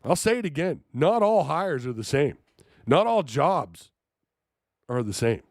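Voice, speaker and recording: An animated male sports host talks on a live stream, his pitch leaping around as he reacts in disbelief to the news and jokes with chat. His voice sits fairly high for a man. The sound is close and dry, with no room echo. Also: a little slow. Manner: animated, incredulous, jokey with chat. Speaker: sports talk show host.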